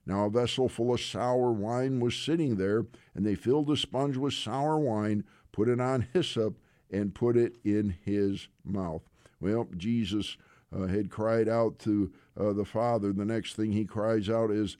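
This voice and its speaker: Low-voiced man preaching earnestly. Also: steady tone, warm tone, no echo, clean studio sound. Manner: earnest, unhurried preaching with frequent "uh" fillers. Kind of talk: sermon retelling scripture.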